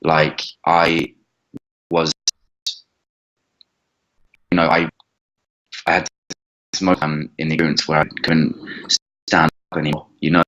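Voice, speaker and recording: A man telling a long personal story as an interview guest, rambling and halting, with frequent restarts and swearing. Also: rumbling low, little pitch movement, a bit bright. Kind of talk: casual storytelling. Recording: dull lo-fi recording.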